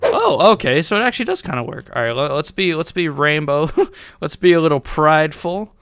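A young man giving excitable let's-play gaming commentary, swearing often and laughing a lot. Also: a little high, fairly quick, slight background noise. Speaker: gaming YouTuber.

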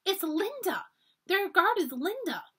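A woman's voice: fairly high pitch, lively intonation, brisk, a bit bright, breathy edge. A woman voicing a determined, scheming young girl at camp, talking earnestly and urgently while reading a children's storybook aloud.

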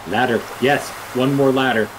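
A man chatting with friends while playing a co-op game, yelling playfully at the game over a voice chat mic. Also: mid-range voice, steady tone, normal speed. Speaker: co-op gaming friend. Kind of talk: casual co-op gaming chat. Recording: noisy background hiss.

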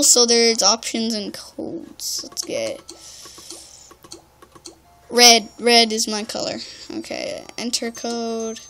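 A woman's voice: fairly high pitch, fairly bright tone. A young woman giving chatty, rambling let's-play commentary, full of "like". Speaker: gamer.

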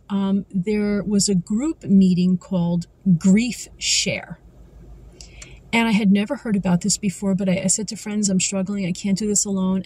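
A woman giving an earnest devotional talk as a Christian vlogger, reading scripture slowly and carefully. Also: medium pitch, warm tone, husky, poor audio.

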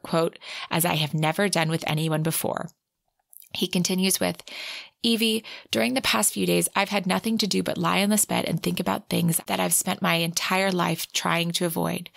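A woman's voice: lowish voice, gravelly, a bit bright, no echo, studio quality. A woman co-hosting a book podcast, summing up a romance plot and reading quotes with feeling. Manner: narrates plot with acted quotes. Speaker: podcast co-host. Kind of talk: book recap podcast, reading excerpts aloud.

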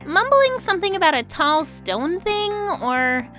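Brief: woman as upbeat cartoon heroine, high and bouncy voice, wry edge, music in the background. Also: big pitch swings, unhurried, fairly bright tone, heavily acted. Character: cheerful curious young heroine. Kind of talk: cartoon voice acting.

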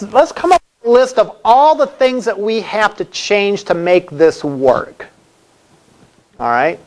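Lively male college instructor lecturing. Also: sits high. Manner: conversational, asks the class questions. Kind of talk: classroom lecture. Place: classroom.

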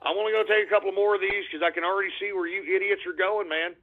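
A Texan man hosting a call-in internet radio show, ranting abrasively, cursing and yelling at trolls. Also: high-pitched, steady tone, rapid-fire. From Texas. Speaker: radio talk show host. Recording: tinny phone-like internet radio audio.

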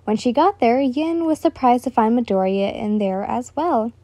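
Brief: woman reading fan fiction aloud, casual, mellow voice, dry close sound. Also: fairly high pitch, lively intonation, normal speed, no echo. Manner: casual, corrects her own slips aloud.

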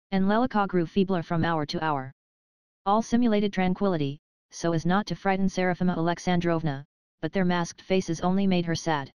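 A woman reading an audiobook aloud in a measured, unhurried narration style. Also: on the low side, a little mellow, clear, resonant tone, dry recording.

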